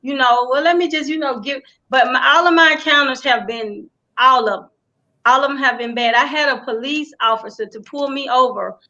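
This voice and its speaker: A woman's voice: high voice, moderate pace, pushed and bright, dull audio. A woman speaking earnestly in a casual panel discussion, restarting her sentences often. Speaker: panel guest.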